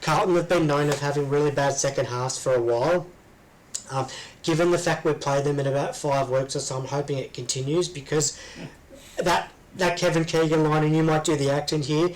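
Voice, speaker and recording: A man's voice: on the high side, fairly even intonation, brisk, low-quality recording. An Australian man co-hosting a casual chat, rambling with lots of ums and restarts. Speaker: podcast co-host.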